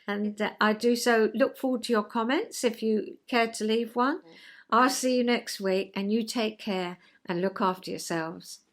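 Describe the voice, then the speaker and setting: A woman's voice: on the high side, steady tone, unhurried. Chatty woman in her sixties. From England. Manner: gentle, chatty, acts out little scenes with sighs of "oh dear". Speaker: vlog host, retired counsellor. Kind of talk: chatty explanatory monologue.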